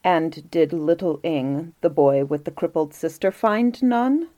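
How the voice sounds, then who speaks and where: A woman voicing a sleepy, wise old Grandfather Christmas in a storybook reading, slow and gently firm. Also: deep voice. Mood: drowsy firm.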